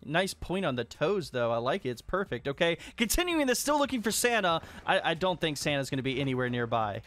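A young man giving excited gameplay commentary while hosting a hide and seek game, laughing often and scolding players. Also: a little high, a little fast, faint music behind.

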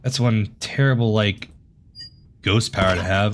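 A man's voice: on the low side, unhurried, long pauses, noisy background. A man doing let's play commentary of a horror game, jumpy and joking, swearing and yelping at the scares. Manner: jumpy, swears, jokes nervously, yelps at scares. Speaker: gaming video host.

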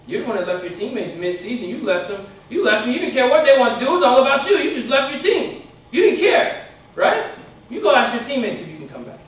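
A man's voice: high-pitched, animated, quick pace, fairly bright tone. A man voicing a stern, fired-up male basketball coach who scolds a player and repeats himself. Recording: echoey hall from far off.

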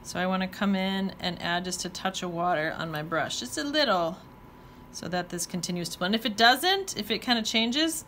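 During a watercolor demonstration, a woman with a medium-pitched, fairly bright voice talks casually at a moderate pace. She thinks aloud as she paints, adding playful exclamations, against slight background noise.

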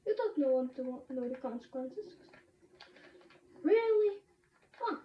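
A woman streaming a game, chatting excitably with sudden shouts and laughs. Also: high voice, fairly quick. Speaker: gamer streaming a match. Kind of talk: excited gaming commentary. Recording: roomy, distant, dull lo-fi sound with faint noise.

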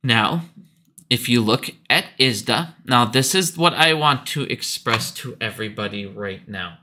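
Profane ranting man with a bright voice. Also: medium pitch, animated. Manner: profane, heated, fast ranting. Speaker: finance commentator. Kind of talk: ranting finance commentary vlog.

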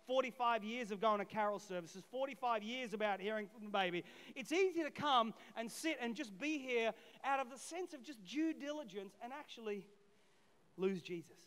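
A middle-aged man preaching a lively sermon as pastor, swinging between loud shouted peaks and quiet asides, acting out voices from the story. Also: very high-pitched. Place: church auditorium. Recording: long hall reverb.

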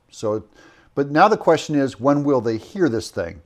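This played clip has a man giving opinionated political commentary that wanders, full of fillers and self-corrections. His slightly high voice is expressive, with a darkish tone and an unhurried delivery.

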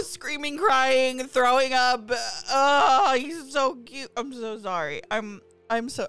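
A woman streaming a game live, chatting to her viewers and gushing excitedly over new items. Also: high-pitched, measured pace, hardly any pauses, smooth. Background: faint game lobby music.

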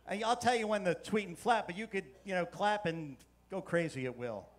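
High-voiced playful man coaxing a crowd. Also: normal speed. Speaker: keynote speaker. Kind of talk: live audience-participation talk. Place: conference hall with a live audience.

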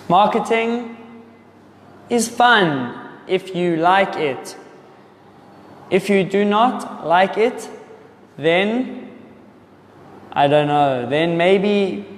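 A young man, an English teacher, answering viewer comments in deliberately slow, simple speech for learners. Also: high-pitched, expressive. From South Africa. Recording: echoey room with long reverb.

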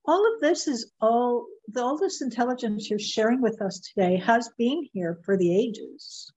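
A woman's voice: fairly high pitch, lively intonation, unhurried, darkish tone. A woman interviewing a guest in casual conversation, mostly giving brief agreeing replies. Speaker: interviewer, mindset consultant. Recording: dull muffled audio.

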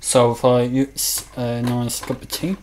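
A British man talks slowly into his handheld camera, wandering through his thoughts with frequent ums and restarts. The home recording is noisy and full of clicks. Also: medium pitch, monotone, darkish tone. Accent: British English. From Britain. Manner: hesitant and rambling, many ums. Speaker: vlogger reviewing a coffee machine. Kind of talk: casual vlog.

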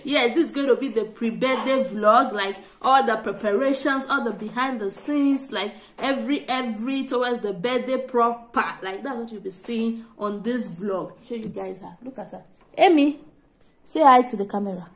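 A young woman chatting to camera at home in a bubbly, giggly way, repeating phrases when excited. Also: on the high side, normal speed. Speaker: vlogger host. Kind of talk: casual vlog chat to camera. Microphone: camera set up in front of her.

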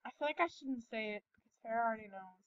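Woman gaming host, excitable and giggly, high lively voice, muffled home mic. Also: fast talker, dry recording. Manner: giggly, excitable, breaks into laughter. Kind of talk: casual chat while gaming.

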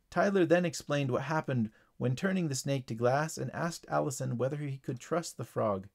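A man narrating a short storybook reading in a steady, plain storytelling way. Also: medium pitch, normal speed, gravelly, few pauses.

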